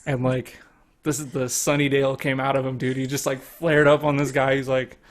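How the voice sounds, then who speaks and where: A man's voice: mid-range voice, flat delivery, brisk. A young man hosting a podcast, telling a story in a loose, rambling way, full of "like" and swearing. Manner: rambling, lots of "like", swears freely. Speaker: podcast host. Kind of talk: casual storytelling chat.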